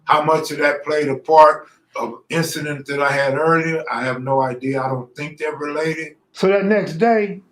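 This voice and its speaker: A man's voice: on the high side, moderate pace. A middle-aged man from Los Angeles telling a true story in a casual, slangy way, acting out the people he quotes. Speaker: storyteller host. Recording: roomy echo.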